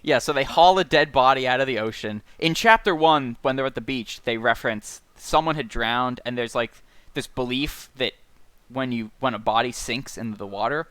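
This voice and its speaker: A man hosting a casual live-streamed book club, reading passages of a novel aloud with slow rhythm and chatting about them. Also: mid-range voice, fairly bright tone, clear, resonant tone, no echo. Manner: reads passages slowly and rhythmically, then chats quickly. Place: home setup, streamed live.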